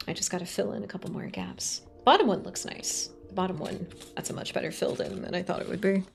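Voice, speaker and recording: A woman's voice: mid-range voice, fast talker, vocal fry, faint music behind. A woman streamer in casual, rambling chat while crafting on stream, swearing now and then and poking fun at herself. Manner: rambling, sweary, self-mocking.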